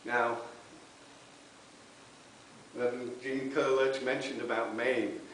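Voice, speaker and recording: A reverend giving an earnest spiritualist sermon with personal testimony, often checking in with the congregation. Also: male voice, medium pitch, little pitch movement, takes it slowly, fairly bright tone. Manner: earnest, tag questions with okay. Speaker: reverend speaking at a spiritualist church. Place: church hall. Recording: very echoey hall, distant mic, faint hiss.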